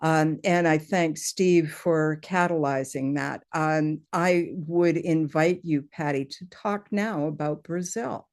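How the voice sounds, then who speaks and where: A woman's voice: deep voice, takes it slowly, few pauses, a little mellow. A woman hosting an online meeting, enthusiastic, thanking people and inviting them to speak. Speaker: meeting host. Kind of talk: casual online meeting talk. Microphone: video call.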